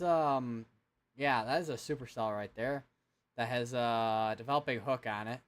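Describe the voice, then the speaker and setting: This weather stream host is a young man giving live severe weather commentary at a normal speed, his medium-pitched voice clear and resonant. He rambles casually through the storm updates, with plenty of fillers and false starts.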